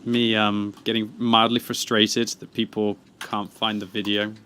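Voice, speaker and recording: A man's voice: lowish voice, flat delivery, unhurried, pushed and bright. Teasing British man streaming a game. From Britain. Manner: teasing, rambling, reads chat aloud. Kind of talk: casual livestream chat. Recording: clear background game noise.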